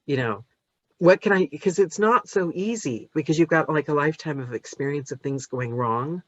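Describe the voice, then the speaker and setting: An American woman, an audiobook narrator, chatting casually on a podcast in an animated, rambling, self-deprecating way. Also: sits low, moderate pace, dry recording, dull audio. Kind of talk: casual chat.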